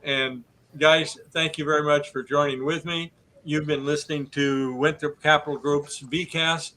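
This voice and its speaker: A man hosting a business podcast, explaining the steps of a business purchase in a steady, methodical way. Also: a little high, unhurried, poor audio. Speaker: host.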